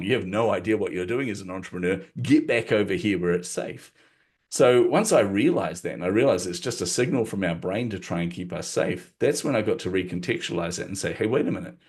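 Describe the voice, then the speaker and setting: A man shares a story as a podcast guest, with a lively telling and frequent laughs. His voice sits low and deep. It carries a husky, slightly breathy grain throughout.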